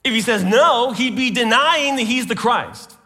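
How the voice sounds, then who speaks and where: Man preaching, cites chapter and verse, sharp ringing tone, hall reverb. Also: extremely high pitch, moderate pace. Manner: preaching, citing scripture references. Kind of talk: sermon.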